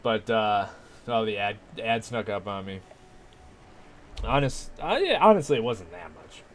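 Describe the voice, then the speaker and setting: A man with a fairly low voice chats casually while streaming a video game, rambling, swearing, and poking fun at himself. His pitch swings widely, his pace is measured, and there's slight background noise.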